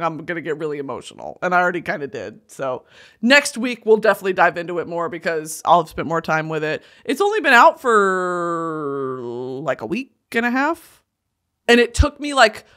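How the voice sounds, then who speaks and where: A young woman hosting a podcast in casual chat, animated and gushing, laughing often and poking fun at herself. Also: on the low side. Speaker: podcast host.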